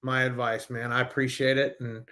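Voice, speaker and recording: A man as a guest in a casual interview, telling stories in an animated way with frequent restarts. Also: mid-range voice, a little fast.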